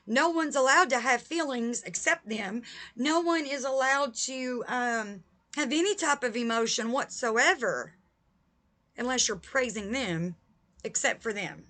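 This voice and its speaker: A vlogger talks directly to her viewers in a direct-to-camera vlog, her voice pitched a little above the usual. With emphatic, heated conviction she presses each point firmly, speaking a little slowly in a bright, forceful tone.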